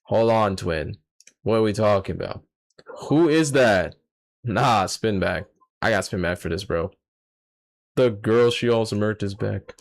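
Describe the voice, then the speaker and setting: A man's voice: lowish voice, a little slow, gravelly, long pauses. A young man streaming a live reaction, talking casually to his chat, swearing and sounding exasperated. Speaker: streamer reacting to a manga chapter.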